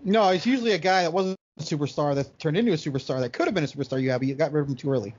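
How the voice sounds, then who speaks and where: A man's voice: a little high, animated, rapid-fire, darkish tone, slightly rough, highs cut off. A man co-hosting a casual chat, chiming in with asides and questions. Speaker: podcast co-host.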